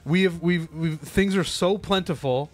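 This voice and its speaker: A man's voice: a little high, unhurried. A young man who hosts a golf podcast, chatting casually and laid-back, often saying "dude" and swearing offhand. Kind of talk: casual chat.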